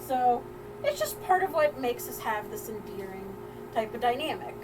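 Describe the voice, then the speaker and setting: A woman's voice: a little high, very animated, moderate pace, background noise. A woman hosting a live crafting stream, telling a family story in a casual, rambling way with frequent laughs and restarts.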